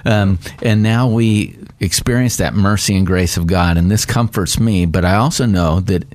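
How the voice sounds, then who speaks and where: Male pastor, low voice, dry podcast recording, conversational. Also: normal speed, a little mellow, no echo. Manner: reads confession text aloud, laughs easily. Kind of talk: casual theological discussion.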